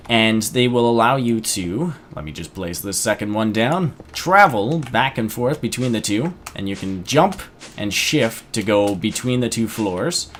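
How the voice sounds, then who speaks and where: A young man casually commenting on his gameplay, chatty and rambling, with sudden excited outbursts. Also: medium pitch, a little hiss or hum. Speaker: gaming video host.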